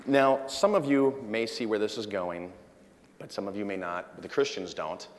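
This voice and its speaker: A man giving a humorous conference talk to a live audience, telling an animated story. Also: fairly low pitch, moderate pace, slight background noise. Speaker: conference speaker. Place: large conference hall. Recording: long hall reverb from a lecture hall.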